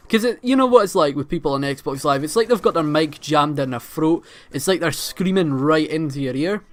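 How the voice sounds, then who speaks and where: A man's voice: a little high, fairly bright tone. A man with an Edinburgh Scottish accent, telling a rambling, profane, amused story as host of a gaming channel. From Scotland. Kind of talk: casual storytelling vlog.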